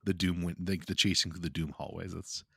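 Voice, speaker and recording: A man's voice: sits low, steady tone, a little fast, creaky, sharp tone, husky, no echo, studio quality. A man co-hosting a casual podcast, laid-back and joking, often repeating his phrases. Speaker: podcast co-host.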